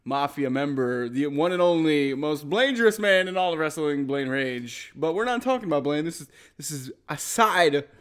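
A man with a fairly high voice, co-hosting in casual chat. He cracks jokes and banters in an animated way, with a commentator's quick patter. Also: smooth. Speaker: co-host and wrestling commentator.

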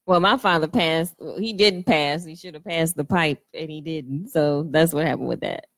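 A woman's voice: sits low, moderate pace, no room sound. A woman co-hosting a podcast, playful and laughing often in casual chat. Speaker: podcast co-host.

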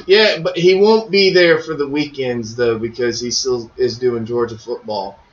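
A man co-hosting a casual chat, excitable and swearing freely, with many "like" fillers. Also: mid-range voice, normal speed. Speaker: podcast co-host. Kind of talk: casual chat about pro wrestling. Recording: echoey, muffled lo-fi audio.

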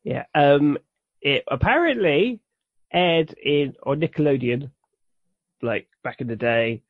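A British man co-hosting a podcast explains a cartoon in a rambling, enthusiastic way during a casual chat. His voice is fairly high-pitched with lively intonation, and he takes it slowly. The recording is dull, dry and lo-fi, with no echo.

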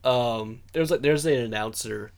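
A man's voice: mid-range voice, a little slow, creaky. Rambling man on a casual podcast. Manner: rambling, full of "like" fillers, animated storytelling. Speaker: podcast co-host.

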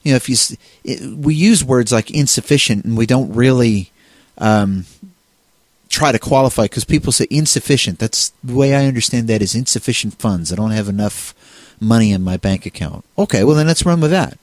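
A man's voice: mid-range voice, expressive, a little fast, no echo. A man co-hosting a casual discussion on faith, talking in a rambling way with many restarts and fillers. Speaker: co-host.

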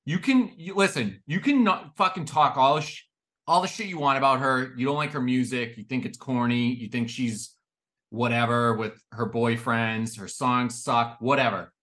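A man's voice: mid-range voice, moderate pace, a bit bright. A man with a mixed Chicago and Boston accent in casual podcast chat, emphatic and opinionated, swearing freely.

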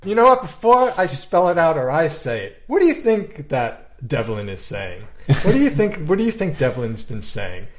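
A man from Long Island hosting a casual podcast chat, playful and animated, laughing often. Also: a little high, normal speed. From Long Island, New York. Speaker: podcast host.

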